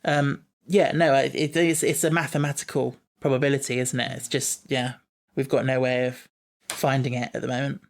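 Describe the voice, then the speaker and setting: A man's voice: medium pitch, little pitch movement, normal speed, creaky, few pauses. A man hosting a podcast, chatting casually, musing aloud and laughing easily. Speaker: podcast host. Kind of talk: casual chat.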